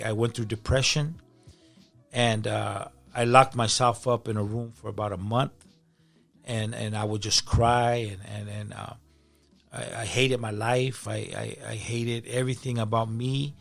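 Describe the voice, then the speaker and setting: Middle-aged pastor, male, gravelly timbre, earnest testimony, stumbles and repeats when moved, faint music underneath. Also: medium pitch. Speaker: pastor, podcast guest. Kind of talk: personal testimony in conversation.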